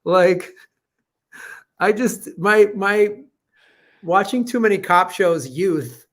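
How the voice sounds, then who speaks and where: A man's voice: sits high, slow pace. A man co-hosting a podcast, easygoing and jokey, often laughing. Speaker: podcast co-host. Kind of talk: casual podcast chat.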